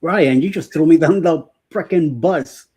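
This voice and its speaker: Joking husky-voiced man on a stream. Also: on the high side, a little slow, mellow. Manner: joking, rambling, full of "uh" fillers, laughs often. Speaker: co-host of a morning live show. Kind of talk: casual live-stream chat.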